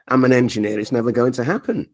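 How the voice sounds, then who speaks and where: A man in his forties tells stories as an interview guest, his pitch leaping up and down as he acts out who said what. He talks with lively animation. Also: fast. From Leeds, England. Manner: animated storyteller, acts out quoted dialogue. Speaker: interview guest, media coach. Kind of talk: storytelling interview.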